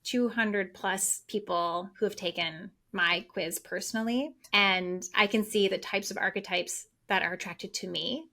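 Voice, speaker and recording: A woman business coach talking excitedly and at length in a casual podcast conversation. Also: medium pitch, measured pace, hardly any pauses.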